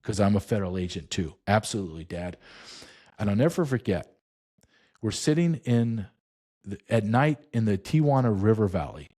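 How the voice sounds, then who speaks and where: A middle-aged man telling a story in an interview, emphatic and intense, slowing down for dramatic weight. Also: on the low side, animated, warm tone. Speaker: interview guest, former border agent.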